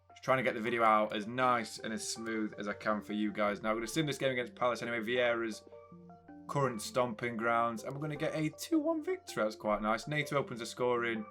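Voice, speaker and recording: Young man, casual gameplay commentary, hype and frustrated rants, mid pitch, faint music behind. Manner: excitable, swings between hype and frustrated ranting. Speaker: gaming YouTuber.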